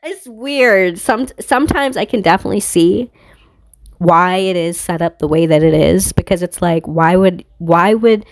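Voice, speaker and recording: A woman's voice: fairly low pitch, moderate pace, a little mellow, dry recording, clean studio sound. A woman tarot reader talking in a casual spiritual monologue, rambling and swearing freely, often laughing at herself.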